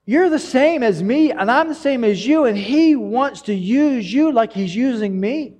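Male pastor, sermon, high voice, earnest, stumbling restarts, long hall reverb. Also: lively intonation, unhurried, darkish tone. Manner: earnest, confessional, rambling with many restarts.

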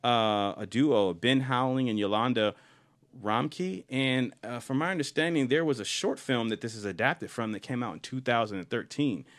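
A man's voice: medium pitch, normal speed, a bit bright. A man co-hosting a casual film podcast, talking enthusiastically with lots of fillers and restarts. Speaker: podcast co-host.

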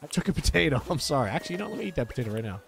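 A male streamer chatting casually and excitedly while playing a game, often swearing when surprised. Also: on the high side, very fast, creaky. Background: game music.

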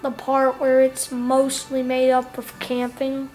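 A woman's voice: high-pitched, completely flat delivery, slow, darkish tone, faint music behind. A woman giving casual, playful let's play commentary on a video game, chatting and muttering to herself.

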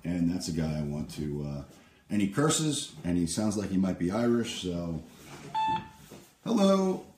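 Pushy cold-calling real estate agent, echoey. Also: male voice, normal speed, background noise. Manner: pushy, upbeat sales pitch on calls, flat asides. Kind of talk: live prospecting calls with asides.

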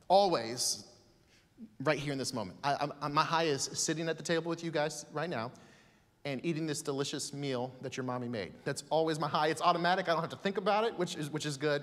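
A man giving a sermon as a guest pastor in a church, earnest and emphatic, with long pauses. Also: a little high, a bit bright. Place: church sanctuary. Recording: long hall reverb.

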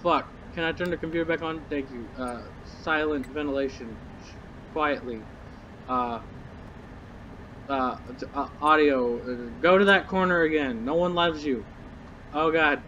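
A man's voice: on the high side, a little slow, bright, forceful tone, dull audio, a little hiss or hum. A young man commentating a horror game, jittery and nervous, swearing and muttering to himself. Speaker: gamer.

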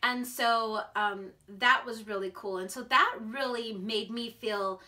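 A woman's voice: a little high, a little slow, sharp tone. An American woman vlogging in a bubbly, chatty way, full of filler words. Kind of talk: casual chat to camera.

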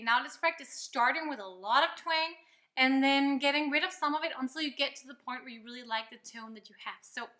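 A woman's voice: high voice, sharp tone. A woman teaching a singing lesson, explaining step by step in an upbeat, encouraging way. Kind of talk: vocal lesson with demonstrations. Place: loud location, not a quiet studio.

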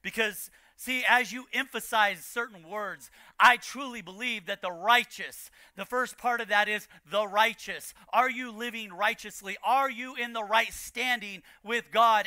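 A man preaching a sermon as pastor, building to shouted emphasis and repeating key lines. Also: sits high, measured pace, few pauses, no room sound, clean studio sound. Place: church.

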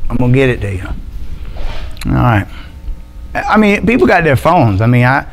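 A pastor from Montgomery, Alabama, with a Southern US accent preaches a casual, joking sermon full of slang in a loose, conversational style. His mid-range voice is sing-song at normal speed, captured on a microphone with adjustable sound, and the recording is rough.

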